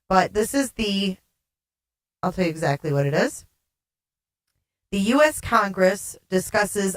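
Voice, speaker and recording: A woman with a somewhat low voice hosts a casual livestream and chats easily with her audience, reading their comments aloud. Her sound comes through oddly warbly and echoey. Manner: chatty, reads viewer comments aloud, laughs often. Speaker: livestream host.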